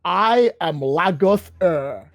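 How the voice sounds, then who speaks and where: A man's voice: sits high, animated, dry recording, faint music behind, heavily acted. A man voicing a grandiose male villain who rules a dream realm, theatrical and gloating. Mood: menacing. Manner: theatrical, gloating, slow and measured.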